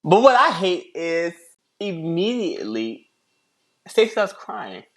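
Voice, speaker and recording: A woman with a very low voice that swings widely in pitch, co-hosting a podcast. She reacts bluntly to a movie, with plenty of swearing and quick jokes. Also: big pitch swings, fairly bright tone. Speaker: podcast co-host. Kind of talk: casual movie chat.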